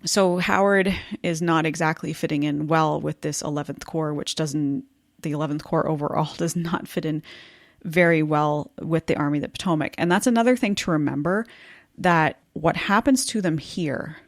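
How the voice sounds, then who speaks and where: A woman's voice: low voice, moderate pace, dry recording, clean studio sound. A woman co-hosting a casual history podcast, chatty and laughing easily as she explains events. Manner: chatty, laughing, reads quotes aloud. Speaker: podcast co-host.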